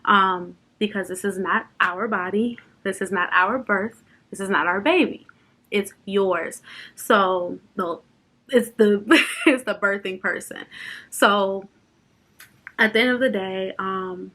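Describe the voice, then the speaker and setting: A woman's voice: medium pitch, takes it slowly, sharp tone. A young woman chatting unscripted in a personal vlog, open and emotional, laughing and fighting back tears at times. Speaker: vlogger.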